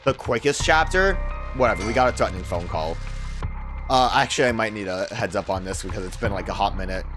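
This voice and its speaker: A man's voice: on the low side, lively intonation, fast, over music. A man hosting a let's play, chatting casually and thinking aloud with lots of "like" fillers as he reads the game's lines. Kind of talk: casual gameplay commentary, reading dialogue aloud.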